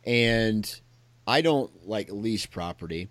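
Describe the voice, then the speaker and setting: A man hosting a casual talk, reflective and halting, often restarting his sentences. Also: lowish voice, lively intonation, fairly bright tone, no room sound. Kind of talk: casual conversation.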